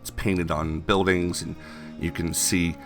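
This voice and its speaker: A man's voice: low voice, flat delivery, a little slow, fairly bright tone, faint music behind. A man narrating scenes as game master of a tabletop game.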